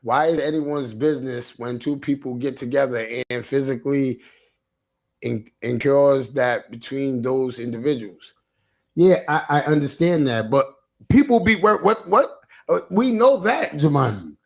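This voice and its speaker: A man's voice: mid-range voice, a little slow, a little mellow. A man hosting a livestream, rambling in a casual rant, stammering and restarting as he answers chat comments. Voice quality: gravelly. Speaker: livestream host.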